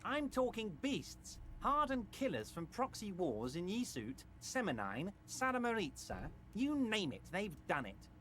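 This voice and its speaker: A scheming old union boss. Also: male voice, sits high, wildly swooping pitch, unhurried, few pauses, slight background noise, exaggerated voice. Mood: schmoozing. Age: older. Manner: smooth, ingratiating, theatrical. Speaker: union boss in a video game. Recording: game audio over loud music.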